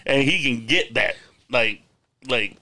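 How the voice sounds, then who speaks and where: A man filling in as podcast co-host, teasing and chiming in with quick remarks. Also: medium pitch, animated, gravelly, bright, forceful tone. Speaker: guest co-host. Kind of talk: casual chat.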